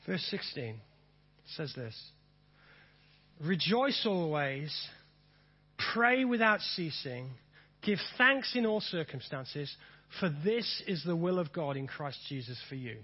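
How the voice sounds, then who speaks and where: A man preaching a sermon, repeating phrases and swinging from soft to emphatic. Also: on the high side, sing-song, slow pace, long pauses, breathy edge, muffled recording. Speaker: pastor.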